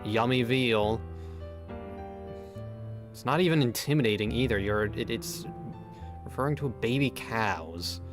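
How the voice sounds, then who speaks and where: A man commentating his own gameplay, excitable, pleading with the game and joking along. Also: medium pitch, unhurried, long pauses. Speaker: gaming video host. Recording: game music underneath. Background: game music.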